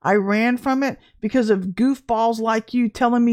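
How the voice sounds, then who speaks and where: A woman with a fairly high voice preaches her testimony straight to the camera. She is emphatic and animated, bursting out suddenly and dropping to quick asides. She acts out the people she quotes as she goes. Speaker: online prophetic minister. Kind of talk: impassioned spoken testimony to camera. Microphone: camera mic, speaking to camera.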